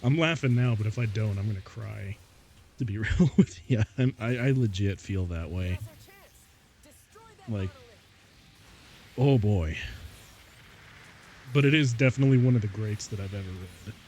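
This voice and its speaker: Slow, mellow-voiced male streamer rambling. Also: lowish voice, a little hiss or hum. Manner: rambling, laughs often between thoughts; says "y'all" and "like" a lot. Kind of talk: casual live-stream chat.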